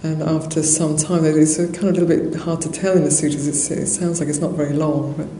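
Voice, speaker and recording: A Buddhist nun giving a dharma talk in a monastery hall, telling a story conversationally with soft laughs and many fillers. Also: female voice, low-pitched, level tone, a little fast. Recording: roomy hall echo, faint noise.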